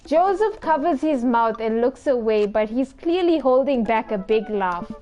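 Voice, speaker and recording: A woman's voice: fairly high pitch, expressive, normal speed, mellow, faint music behind. A woman hosting a gaming video, reading a dating game's text aloud and adding playful, giggly, teasing asides. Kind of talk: reading a dating game aloud with live commentary.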